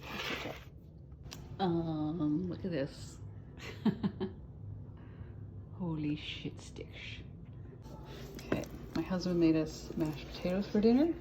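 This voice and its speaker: A woman's voice: fairly low pitch, unhurried, long pauses, noisy background. Chatty woman vlogging from her kitchen. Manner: chatty, rambling, matter-of-fact. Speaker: food vlogger. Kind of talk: casual vlog narration. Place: home kitchen. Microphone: phone held or propped nearby.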